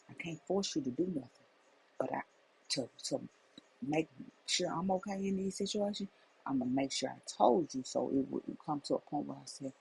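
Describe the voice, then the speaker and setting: Middle-aged woman coach giving a faith testimony, gravelly voice, emphatic and repeats herself a lot. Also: low-pitched, darkish tone, poor audio. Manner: emphatic, repetitive storytelling. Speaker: life coach. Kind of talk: personal testimony and faith message.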